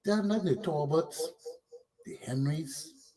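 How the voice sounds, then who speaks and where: A man's voice: a little high, takes it slowly, crowd noise. A middle-aged man from Liberia with a Liberian accent, hosting a talk show in a blunt, profane, repetitive political rant.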